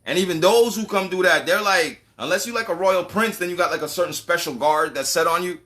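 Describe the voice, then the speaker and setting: A man's voice: sits high, a little fast, pushed and bright. A man giving a casual, profane monologue as a channel host, ranting animatedly and laughing often.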